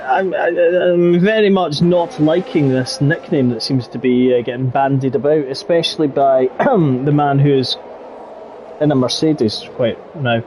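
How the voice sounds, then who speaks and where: A man giving live commentary on a sim racing league, getting excitable when the battles get close. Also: on the high side, unhurried, a little hiss or hum. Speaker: race commentator.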